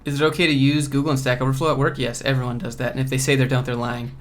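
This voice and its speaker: A man from Georgia hosting a casual livestream Q&A from home, relaxed and offhand as he reads and answers chat questions. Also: mid-range voice, racing. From Georgia, USA. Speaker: coding YouTuber host.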